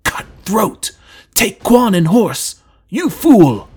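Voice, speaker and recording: A man voicing a gruff, irritable alien male warrior who barks orders in broken, clipped English. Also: high-pitched, sing-song, drawn-out words, a little mellow, voice pushed up, exaggerated voice. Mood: angry shouting. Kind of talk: audiobook character voice.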